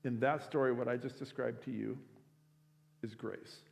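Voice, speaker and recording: A man's voice: medium pitch, steady tone, normal speed, creaky, a little mellow. A man telling a story in a sermon to a school assembly, acting out the people in it as he goes. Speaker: speaker at a school week of prayer. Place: large school chapel or auditorium. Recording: long hall reverb.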